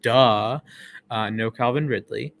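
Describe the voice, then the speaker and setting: A young man co-hosting a casual sports betting chat, talking in a relaxed, dry way with lots of "uh" and "like" fillers. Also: mid-range voice, takes it slowly, vocal fry. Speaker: sports betting show co-host.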